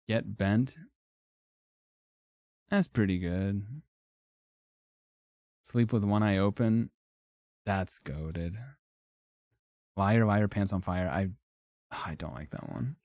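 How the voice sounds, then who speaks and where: A man's voice: on the low side, darkish tone, dry recording, studio quality. A young man streaming casual commentary, reacting offhand and wryly to phrases he ranks, with frequent swearing and laughter.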